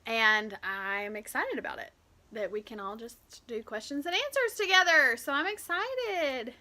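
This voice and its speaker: A woman's voice: on the high side, animated, measured pace, pushed and bright. A woman hosting a live stream in a bubbly, chatty way and greeting viewers by name, filmed at home on a camera propped on a shoebox. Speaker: host of a weekly live stream. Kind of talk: casual live-stream chat.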